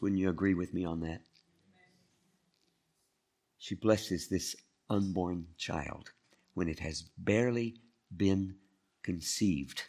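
A man's voice: low voice, slightly rough. A male pastor preaching a conversational sermon, often turning to ask the listeners questions. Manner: conversational, asks the congregation questions.

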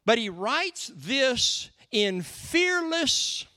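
A pastor giving a sermon, teaching in an earnest, conversational way and slowing down for emphasis. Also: male voice, very high-pitched, very animated, bright, forceful tone, no room sound, studio quality.

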